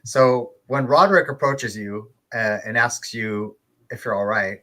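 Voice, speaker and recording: A man narrating a tabletop game as game master, relaxed, with filler words and chuckles. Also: mid-range voice, a little slow. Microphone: online stream call.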